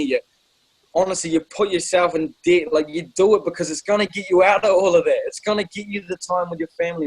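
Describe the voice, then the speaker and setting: Husky-voiced young man, emotional testimony. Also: fairly high pitch, no echo, rough recording. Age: 20s. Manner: emotional, halting, lots of fillers. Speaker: team member. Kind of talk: motivational testimony.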